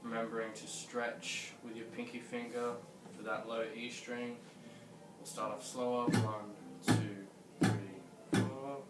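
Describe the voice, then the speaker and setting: A man's voice: medium pitch, monotone, moderate pace. A man teaching a guitar lesson on video, patiently explaining scales and counting in the tempo. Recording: roomy echo, distant mic, guitar.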